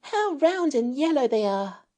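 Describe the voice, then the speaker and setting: A man voicing a timid, fretful young girl in a storybook reading, pitched far up. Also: sing-song, measured pace, darkish tone, exaggerated voice. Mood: plaintive.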